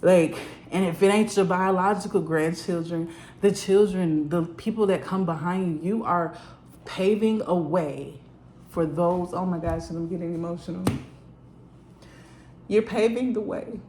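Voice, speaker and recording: A woman's voice: lowish voice, steady tone, normal speed, darkish tone, reverberant, slight background noise. A woman giving a spiritual card reading at home, talking earnestly and emotionally with lots of "like" fillers.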